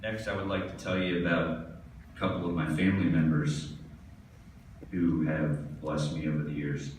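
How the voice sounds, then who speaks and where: A man's voice: a bass voice, level tone, normal speed, slight background noise. A man giving a hall of fame acceptance speech, telling funny stories and laughing along with them. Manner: storytelling, laughing at his own jokes. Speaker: tennis pro giving an induction speech. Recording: distant echoey hall recording.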